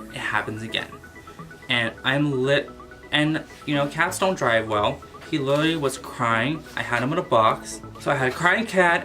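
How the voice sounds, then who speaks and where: A man vlogger telling a casual storytime about his pet, animated and full of exclamations. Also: medium pitch. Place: at home with his cat.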